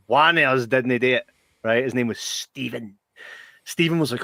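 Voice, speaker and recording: A Scottish man co-hosting a podcast in casual chat, who tells animated stories, laughs through them and swears freely. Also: mid-range voice, fairly quick, no echo, clean studio sound. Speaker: podcast co-host.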